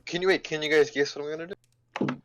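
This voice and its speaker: A player in a tabletop game on a live stream, loud, excitable and often shouting. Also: mid-range voice, fast talker, a little hiss or hum.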